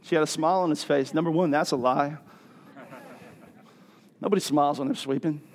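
A middle-aged man preaching a sermon as pastor, animated and building to loud rhetorical questions. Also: on the high side, a little fast, slight background noise.

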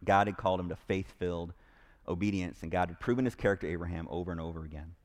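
Deep-voiced man preaching a sermon. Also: fast talker. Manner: earnest, emphatic, repeats key phrases, frequent restarts. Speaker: pastor. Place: church with a live congregation.

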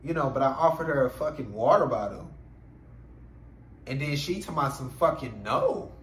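A man's voice: mid-range voice, normal speed, reverberant, a little hiss or hum, rough recording. A man telling a story in a casual, profane podcast monologue, with frequent fillers and laughter. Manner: animated and profane, many filler phrases, laughs while telling. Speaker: podcast host.

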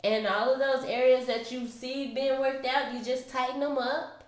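A woman co-hosting a podcast from home, teasing her co-host and calmly sticking to her point. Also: high voice, moderate pace. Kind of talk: casual chat. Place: home kitchen. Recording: roomy echo.

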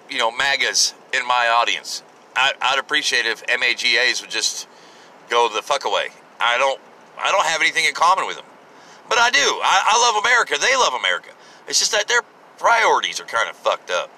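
A man's voice: a little high, bright, forceful tone, poor audio. A man in his forties hosting a solo podcast, talking bluntly and rambling with frequent restarts and swearing. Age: 40s. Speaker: podcast host.

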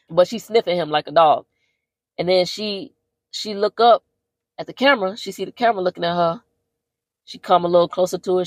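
A woman podcast host tells the plot of a movie in casual, profane slang. Her voice is on the low side. The recording is dry and close. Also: no room sound. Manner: slangy, profane, animated storyteller.

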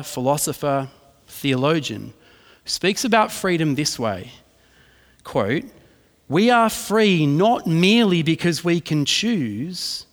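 A man, a pastor preaching a sermon in a casual storytelling way, often checking in with "right?". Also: fairly high pitch. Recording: reverberant hall.

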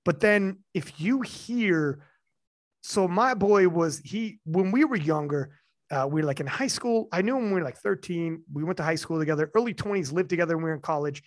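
Slightly high-voiced man telling a story. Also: animated, a little fast, no room sound, studio quality. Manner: candid, emotional storytelling with frequent swearing. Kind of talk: casual chat.

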